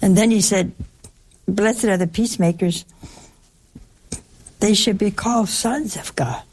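A woman's voice: medium pitch, unhurried, a little mellow, husky. A woman preaching a sermon in a conversational way, often asking her listeners rhetorical questions.

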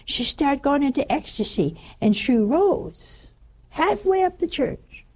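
A woman's voice: high-pitched, very animated, slow, darkish tone. A woman giving a spiritual talk, telling stories in a rambling way and acting out the quotes. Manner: rambling storytelling with acted quotes. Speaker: religious speaker.

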